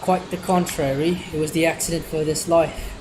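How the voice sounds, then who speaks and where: A man's voice: fairly high pitch, level tone, normal speed, noisy background. A man streaming as he reads a visual novel aloud, often stumbling and correcting his words.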